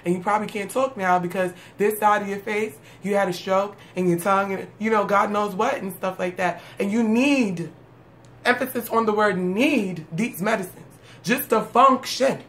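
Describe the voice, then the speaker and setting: A woman's voice: medium pitch, moderate pace, a bit bright, a little hiss or hum. A woman delivering a sarcastic, streetwise comedic rant, laughing at her own jokes. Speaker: comedic monologue host.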